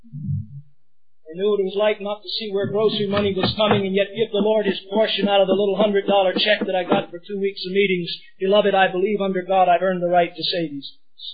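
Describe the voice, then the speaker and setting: A middle-aged man preaching a sermon, swinging from hushed pleading to shouting. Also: high voice, level tone, brisk, slightly rough, lo-fi sound.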